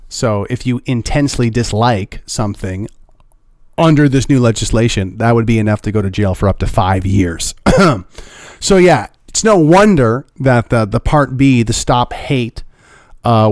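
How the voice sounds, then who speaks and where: A man's voice: mid-range voice, no echo, clean studio sound. A young man giving opinionated, sarcastic video commentary as the host of his own channel. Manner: sarcastic, mocking. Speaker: political commentator.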